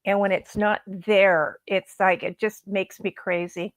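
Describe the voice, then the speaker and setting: A woman's voice: mid-range voice, flat delivery, a little slow, dry recording. A woman in casual chat, talking at length in a chatty way with some hesitations. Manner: chatty, talks at length about staying organized, some hesitations.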